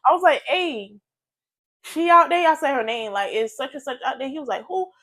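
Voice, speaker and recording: Young woman, slightly high-pitched, animated and profane storytime vlogger. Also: moderate pace. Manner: animated, profane, chatty retelling. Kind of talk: casual storytime.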